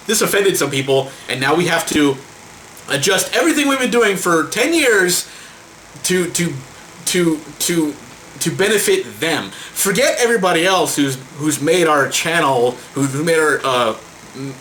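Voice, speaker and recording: Exasperated man ranting, lively bright voice. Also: a little high, slight background noise, low-quality recording. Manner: profane, exasperated, stumbling over repeated words. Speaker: vlogger. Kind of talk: heated rant to camera.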